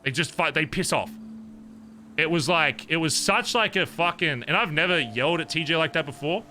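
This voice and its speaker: A man's voice: on the high side, moderate pace, bright, forceful tone, a little hiss or hum. A man staying in character during a roleplay conversation, venting in a heated, profane retelling. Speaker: streamer in character.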